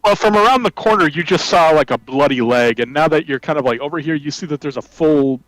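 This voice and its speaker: A man's voice: fairly high pitch, fairly quick, a bit bright, no room sound, poor audio. Man narrating as game master, dry sound. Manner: loose, filler-heavy narration.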